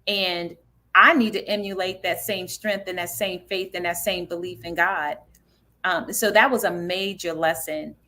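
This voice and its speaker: A woman's voice: fairly low pitch, fairly even intonation, unhurried, pushed and bright. A woman author and stage director answering interview questions earnestly and reflectively, with frequent fillers.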